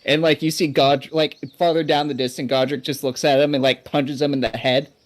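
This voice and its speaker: Brief: casual game master, slightly high voice, chatty. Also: male voice, flat delivery, fairly quick. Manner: casual, chatty narration with fillers. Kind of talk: narrating a tabletop game.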